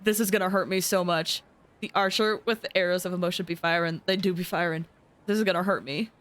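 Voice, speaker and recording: A woman's voice: fairly low pitch, steady tone, fast talker, a bit bright. A young woman streaming a game, talking to herself and her chat while fighting back tears. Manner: emotional, teary, self-talking. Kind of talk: casual live game commentary.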